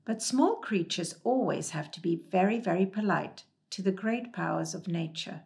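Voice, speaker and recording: A woman reading a storybook aloud in a gentle, calm and measured way. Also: fairly low pitch, gravelly.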